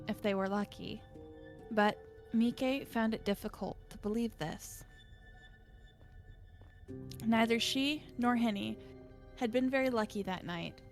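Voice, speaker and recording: A woman streamer narrating a visual novel in a steady, measured reading voice. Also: medium pitch.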